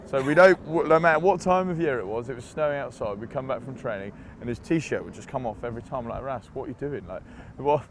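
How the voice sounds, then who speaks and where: A young man being interviewed, telling lively anecdotes in a casual, laughing way, recorded outdoors. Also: medium pitch, fast, hardly any pauses, noisy background. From England. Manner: chatty, laughing, animated anecdotes. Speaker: interview guest, rugby player.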